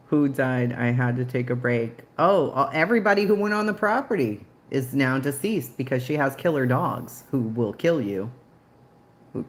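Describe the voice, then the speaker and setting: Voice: mid-range voice, vocal fry, a little hiss or hum. A livestream host in casual commentary, snarky and profane, laughing often.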